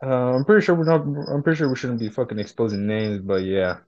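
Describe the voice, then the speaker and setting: A man's voice: mid-range voice, steady tone, quick pace, a little mellow. A man in casual, laid-back chat who swears freely. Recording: dull lo-fi audio.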